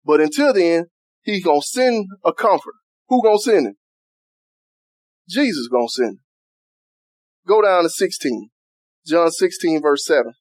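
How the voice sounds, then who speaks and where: Male preacher, high voice, dry close sound, plainspoken conversational delivery. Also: animated, normal speed, long pauses, a little mellow, dry recording. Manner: conversational preaching with Southern American vernacular. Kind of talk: sermon.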